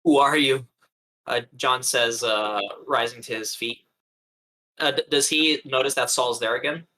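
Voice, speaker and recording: Hesitant man with a bright voice. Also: medium pitch, fairly even intonation, normal speed. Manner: hesitant, filler-heavy describing of actions. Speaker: player. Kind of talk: casual tabletop play.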